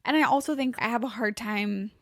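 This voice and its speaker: Gravelly-voiced woman podcast co-host. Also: on the high side, a little fast, no room sound, clean studio sound. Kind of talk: casual chat.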